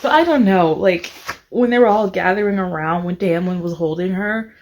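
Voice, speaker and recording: A woman's voice: fairly low pitch, normal speed, a little mellow, a little hiss or hum. A woman making a casual reading vlog, talking through a book in a rambling, emotional way with lots of fillers. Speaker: book vlogger.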